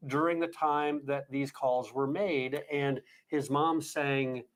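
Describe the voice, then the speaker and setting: A man recounting courtroom testimony in a measured news-report manner, slowing down with pauses and fillers. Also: mid-range voice, steady tone. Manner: slow, deliberate delivery with pauses and fillers. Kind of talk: measured news narration, reading quoted calls.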